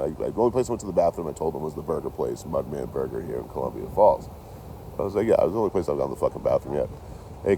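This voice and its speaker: A man's voice: deep voice, warm tone, a little hiss or hum. A young man telling a rambling story outdoors near his camp, swearing and laughing often. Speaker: vlogger. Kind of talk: casual storytelling.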